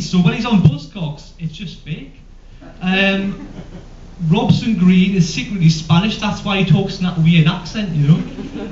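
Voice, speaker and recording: A man performing live stand-up comedy, rambling and hesitant with many ums. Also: high voice. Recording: echoey room, distant mic, dull lo-fi.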